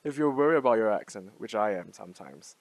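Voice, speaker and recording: A language-learning vlogger in his twenties speaks quickly in a fairly low-pitched voice with lively intonation and no echo. His unscripted casual monologue rambles, with lots of fillers, casual cursing, and regular laughs.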